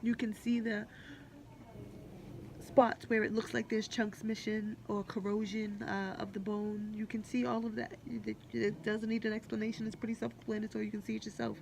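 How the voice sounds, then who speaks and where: A woman's voice: mid-range voice, little pitch movement, normal speed, vocal fry, darkish tone. A woman in her late twenties vlogging candidly and bluntly from a hospital room, swearing freely. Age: 20s. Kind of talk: personal hospital vlog. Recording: faint hospital background noise.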